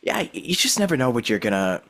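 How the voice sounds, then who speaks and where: A man hosting a podcast interview in casual, animated conversation, laughing easily. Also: mid-range voice, fast talker. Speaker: podcast host.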